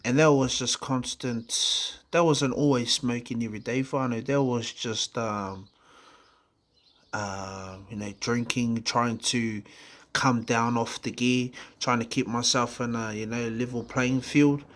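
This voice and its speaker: This man from New Zealand, a vlogger, has a steady, slightly bright mid-range voice and a New Zealand accent. He gives a frank account of his recovery, stumbling through fillers and restarts and swearing casually.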